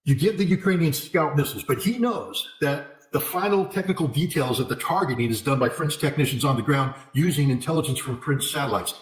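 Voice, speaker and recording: A male interview guest giving forceful political commentary, hammering points with repetition and sarcastic asides. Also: a little high. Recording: echoey room.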